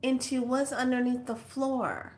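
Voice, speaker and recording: A woman and spiritual teacher telling a story in casual, animated, slangy talk. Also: high voice, unhurried. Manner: animated, slangy, acts out voices.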